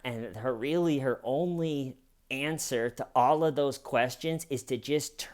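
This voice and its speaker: A man giving casual true crime commentary in a sarcastic tone, acting out quotes in a mocking high voice. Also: measured pace.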